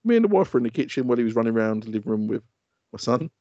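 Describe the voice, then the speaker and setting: A man telling casual, animated stories on a podcast, swearing and laughing often. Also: medium pitch, very fast, dry recording, muffled recording. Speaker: podcast co-host. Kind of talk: casual chat.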